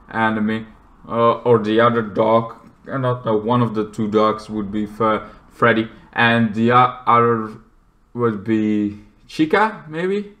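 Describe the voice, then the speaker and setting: A man with a mid-range voice reviews a movie in a loose, rambling way. He keeps restarting his sentences and now and then bursts into loud, acted-out shouting.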